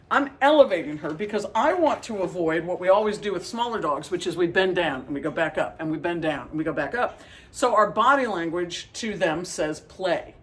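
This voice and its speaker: A man with a notably high voice leads a dog training demonstration. He explains each step patiently to the viewer. He breaks off often to give the dog bright, encouraging praise. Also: low-quality recording.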